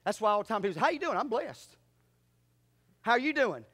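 In a church sanctuary, a pastor preaches a fervent sermon, calling out to his congregation in a slightly fast voice with big pitch swings. His delivery shifts from loud exhortation to quiet asides.

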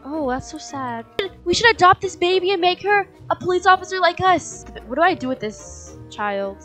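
A woman hosting a playful video game commentary, excitable, gasping and mock-outraged as she plays. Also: very high voice, moderate pace, soft background music. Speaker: gaming channel host. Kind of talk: excited Let's Play commentary.

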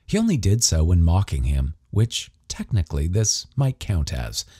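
A man narrating an audiobook in an expressive storytelling manner. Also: low-pitched, moderate pace, slightly rough, no room sound, clean studio sound. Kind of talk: scripted narration.

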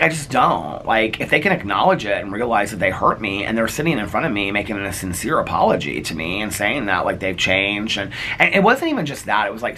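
Middle-aged male vlogger from Indiana, lowish and bright, chatty and heartfelt. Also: a little hiss or hum. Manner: chatty, earnest, heavy use of "like". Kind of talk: casual personal storytelling.

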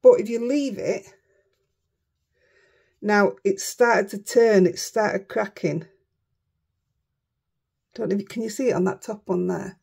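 Chatty Yorkshire craft vlogger, woman, husky and a little gravelly, mutters asides. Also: mid-range voice, unhurried, long pauses, a little mellow. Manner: chatty, self-mocking, often mutters under her breath. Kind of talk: casual chat while crafting.

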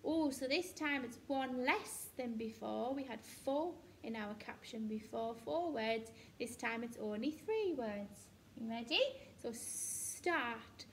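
A woman's voice: on the high side, unhurried, slight background noise. A woman teacher with an English accent, giving a recorded phonics lesson to young children and sounding out letters patiently. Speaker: reception class teacher. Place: indoors at a table with a book page.

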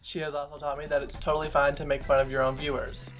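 A man's voice: fairly high pitch, level tone, fast talker, few pauses, fairly bright tone, soft background music. A young man hosting a comedic vlog, sarcastic and self-mocking, swearing freely. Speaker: vlogger.

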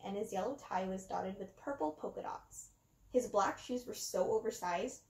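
A woman reading a children's book aloud, with expressive, dramatic pauses. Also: fairly high pitch. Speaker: reader. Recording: roomy echo.

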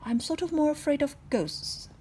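A woman voicing a little girl princess who is scared of ghosts, speaking in a high, drawn-out pleading voice. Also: animated, darkish tone, slight background noise. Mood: earnest.

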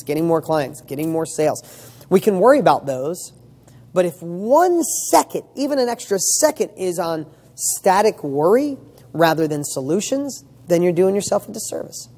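A man's voice: on the high side, mellow. A middle-aged man giving a blunt motivational talk, firing off one rhetorical question after another. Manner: emphatic, rapid-fire rhetorical questions; blunt, mild swearing. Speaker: motivational speaker.

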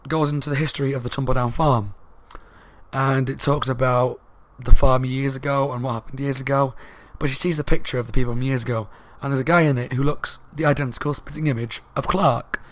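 Fast, loud-talking man reviewing a book. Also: medium pitch. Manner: rambling, with fillers and asides. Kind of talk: casual spoken book review.

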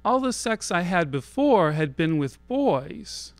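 Man, live stage storytelling, wry, self-deprecating, slow unhurried delivery, smooth clean voice. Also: high-pitched, big pitch swings, no echo. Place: theater stage, live show.

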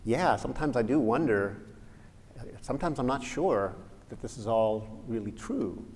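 A man's voice: mid-range voice, expressive, normal speed, a little mellow, lightly acted. A man playing an earnest, urging believer. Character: earnest eager male Christian believer. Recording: reverberant lecture hall, faint ambience.

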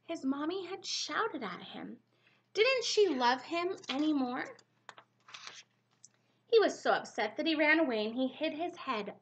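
Woman preschool teacher, high voice, animated story-time reading with gasps. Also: muffled recording.

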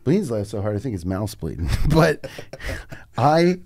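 A man's voice: medium pitch, very animated, measured pace, darkish tone, dry recording, clean studio sound. A man on a podcast in casual chat, rambling and stopping himself mid-sentence, often whining in mock complaint. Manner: rambling, self-interrupting, mock-whiny. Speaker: podcast co-host.

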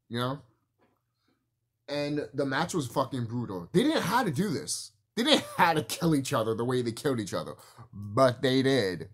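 A man's voice: on the high side, husky. A man giving a casual, profane, rambling opinion rant about wrestling, with frequent restarts and laughter. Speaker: wrestling commentary vlogger.

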